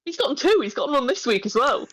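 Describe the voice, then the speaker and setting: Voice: high voice, very animated, fast talker, a bit bright, no room sound, rough recording. A podcast co-host chatting casually and teasing the other host playfully. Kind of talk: casual chat.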